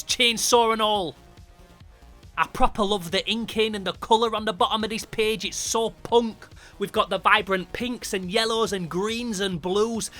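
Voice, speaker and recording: A man's voice: high voice, sharp tone. A man reviewing a horror comic in casual, enthusiastic, sweary narration, acting out its sound effects.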